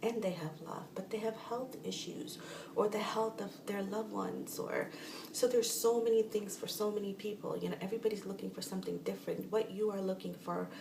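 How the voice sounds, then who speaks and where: A woman's voice: mid-range voice, fairly even intonation, brisk, creaky. A woman talking through a spiritual practice in a casual, rambling way, often restarting her sentences. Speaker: spiritual teacher. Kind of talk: casual guided instruction. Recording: roomy echo, mic at a distance, faint noise.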